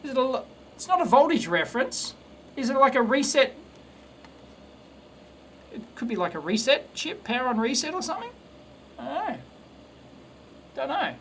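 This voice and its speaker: A man's voice: very high-pitched, very animated, normal speed, pauses often, fairly bright tone, slight background noise. An Australian man chatting casually while soldering on a live stream, rambling and blunt, with many restarts. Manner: rambling, blunt, full of restarts and stammered repeats. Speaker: electronics video host.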